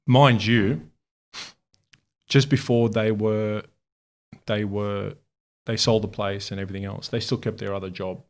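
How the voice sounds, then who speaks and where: A man from Bosnia and Herzegovina, a guest on an interview show, telling a casual, lively story with frequent laughter and informal, sometimes profane talk. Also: fairly low pitch, measured pace, long pauses. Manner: animated, laughs often, acts out other people's lines. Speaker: interview guest, art supply store founder.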